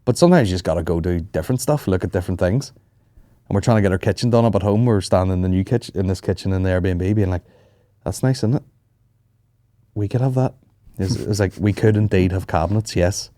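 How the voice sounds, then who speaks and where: Sweary storytelling man, low dry voice. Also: fast, warm tone, dry recording. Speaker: podcast host. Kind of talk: casual chat.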